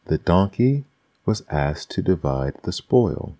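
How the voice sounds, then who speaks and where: Man, ASMR bedtime storyteller, very low voice, mellow, dry close sound. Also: very animated, no echo. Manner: soft, unhurried reading.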